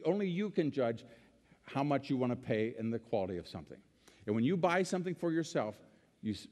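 A man's voice: mid-range voice, darkish tone. Fervent man speaking in a hall. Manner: folksy storytelling, emphatic pauses, rising to fervent. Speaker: political speaker. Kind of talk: public speech to an audience. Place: large hall with audience.

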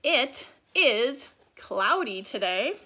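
A woman teacher reading a storybook aloud to young children in slow, clear, expressive speech. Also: on the high side.

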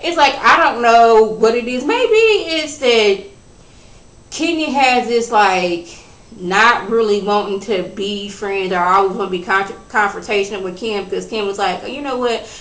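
A woman giving a casual, sassy recap of a reality show, chatting in a lively storytelling way. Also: mid-range voice, a little slow, echoey room, poor audio.

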